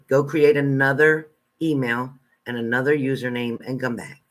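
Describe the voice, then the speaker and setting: A man hosts a live stream as a spiritual reader and talks straight back to the people in his chat. He is blunt and confrontational, flaring into loud outbursts and then dropping to low, muttered asides. His voice sits at an everyday middle pitch. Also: little pitch movement, moderate pace. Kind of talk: casual live-stream chat, reading out viewer comments.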